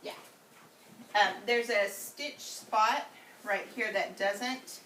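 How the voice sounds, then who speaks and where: A woman's voice: mid-range voice, extremely slow, pushed and bright. Breathless chatty woman, far from the mic. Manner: chatty, rambling, many ums, laughing. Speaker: home video reviewer. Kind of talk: casual product demo. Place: at home, indoors. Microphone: camera set away from her. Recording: echoey room, off-mic, noisy.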